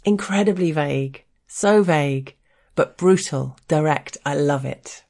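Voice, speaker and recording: A woman's voice: low voice, a little slow, darkish tone. Wry, candid Englishwoman reading her essay. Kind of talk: reading aloud a frank personal essay.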